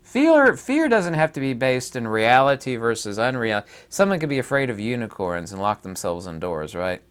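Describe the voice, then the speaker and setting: This online commentator from the United States talks to his audience alone, rambling and emphatic, often using fillers and starting over. He has a medium-pitched, clear, resonant voice with big swings in pitch, delivered at a moderate pace.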